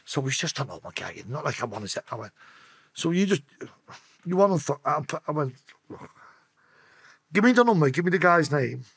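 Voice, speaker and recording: A man's voice: big pitch swings, fairly quick, creaky, long pauses, husky, no room sound. A man with a Liverpool accent telling stories as a podcast guest, swearing freely and acting out the voices of the people in them. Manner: profane, acts out quoted voices with sharp pitch swings. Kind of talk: casual storytelling interview.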